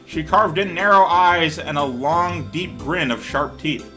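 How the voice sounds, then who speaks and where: A man's voice: on the high side, a little slow, bright, forceful tone, faint music behind. A man reading a game aloud, laughing often and adding crude joking asides. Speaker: let's play host.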